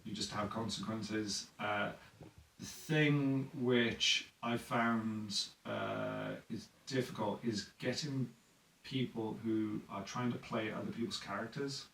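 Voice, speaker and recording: A man's voice: lowish voice, steady tone, slow pace, vocal fry, fairly bright tone, echoey room, recorded from a distance, a little hiss or hum, low-quality recording. A man chatting casually on a podcast about running tabletop games, rambling with lots of fillers and acting out players' lines. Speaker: dungeon master guest.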